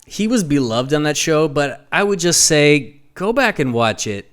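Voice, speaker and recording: A man co-hosting a podcast in casual chat, his voice pitched a little high and notably smooth and clear. He talks in long, animated runs and slips into silly sung impressions. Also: moderate pace. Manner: animated storyteller who breaks into goofy sung impressions. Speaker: podcast co-host.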